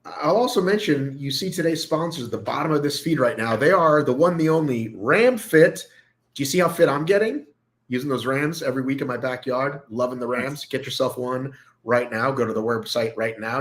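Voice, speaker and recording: A man's voice: medium pitch, brisk, low-quality recording. A man hosting a live online show, joking around and swearing freely in casual chat.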